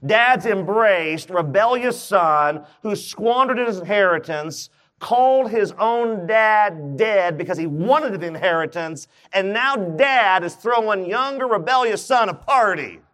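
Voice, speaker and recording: High-voiced male preacher acting out scripture. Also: measured pace, hardly any pauses. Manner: acts out the story's voices with rising excitement. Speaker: pastor. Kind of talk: sermon.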